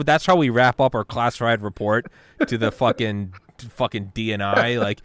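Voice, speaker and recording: A man's voice: mid-range voice, normal speed, a bit bright, no echo. A man in casual podcast chat, a profane, jokey storyteller who laughs often.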